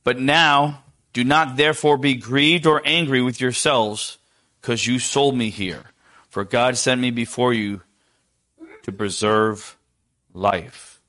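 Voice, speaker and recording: A middle-aged man preaching a sermon, asking the congregation rhetorical questions and dropping to a near hush for tender quoted lines. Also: medium pitch, slow.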